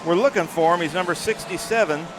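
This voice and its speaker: A man's voice: sits high, fast. A man doing live motorsport commentary as a regular on the broadcast, chatty and enthusiastic about the cars. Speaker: race commentator. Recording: noisy trackside with engine sound.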